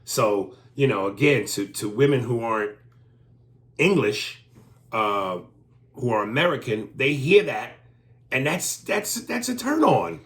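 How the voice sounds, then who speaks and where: A man's voice: medium pitch, sing-song, measured pace, a bit bright, reverberant. A man co-hosting a podcast in casual chat, crude and joking, often acting out lines. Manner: crude, joking, acts out lines in silly voices. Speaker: podcast co-host.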